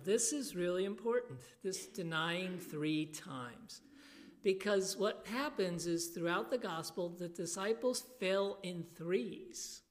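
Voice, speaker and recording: A woman preaching a sermon in a church on a handheld microphone, slow and emphatic, turning animated when she voices the people in the passage. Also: on the low side.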